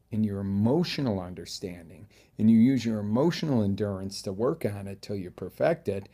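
A man giving a motivational coaching talk, animated, jumping between loud bursts and quiet asides and acting out examples. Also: on the low side. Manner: talks through examples with acted-out inner voices. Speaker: fitness coach.

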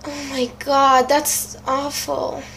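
A young woman playing a story game and reacting out loud, excitable and repeating herself through her commentary. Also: high voice, slow, background noise. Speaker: let's play gamer. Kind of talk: emotional gameplay commentary.

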